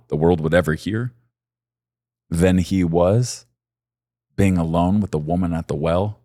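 A man in his forties preaching a sermon, talking to his listeners directly and pushing his voice up high and loud when he urges them on. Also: no echo, clean studio sound. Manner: emphatic, rises to high excited peaks when urging listeners.

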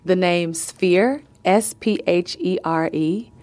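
A woman's voice: lowish voice, slow pace, a little mellow. A woman guest in an interview, chatting casually and telling family stories, laughing often and acting out what others said. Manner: laughs often, tells stories with quoted voices.

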